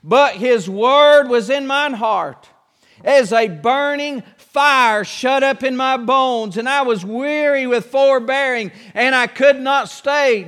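A man's voice: very high voice, fairly bright tone, clean tone. A man preaching a sermon in a church, impassioned and repetitive, acting out Bible scenes. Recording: long reverb of a church hall.

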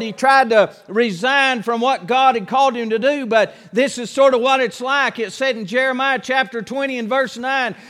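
A man's voice: extremely high pitch, fairly bright tone. A man preaching a sermon in a church, impassioned and repetitive, acting out Bible scenes. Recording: long reverb of a church hall.

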